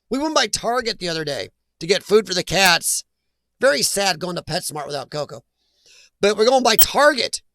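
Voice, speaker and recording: A man's voice: sits high, very animated, normal speed, long pauses, pushed and bright, no echo. A man hosting a casual live chat, reading viewer names aloud and laughing often. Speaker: livestream host reading chat.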